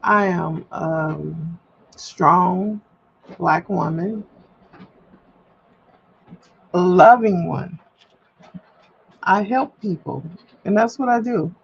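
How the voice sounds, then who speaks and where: A woman's voice: lowish voice, takes it slowly, creaky, slightly rough. A woman on a casual livestream, talking candidly and rambling, with emphatic repetition, while she prints paperwork at home. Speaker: livestream host. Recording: slightly dull livestream audio, faint hum.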